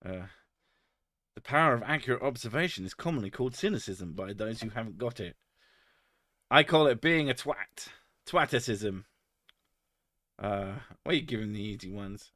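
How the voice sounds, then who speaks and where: A man's voice: lowish voice, lively intonation, normal speed, pauses often, fairly bright tone, dry recording, studio quality. A man reading chat on a live stream, joking crudely, swearing a lot and laughing often.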